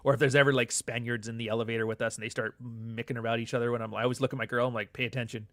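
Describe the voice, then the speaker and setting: A middle-aged man hosts a live show and reads viewer comments aloud. He jokes and swears freely as he talks. His voice sits at an ordinary middle pitch, and the recording is dry and close, with no room echo. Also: flat delivery, racing, fairly bright tone. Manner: loose, profane, joking banter with frequent asides. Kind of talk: casual livestream chat, reading viewer comments.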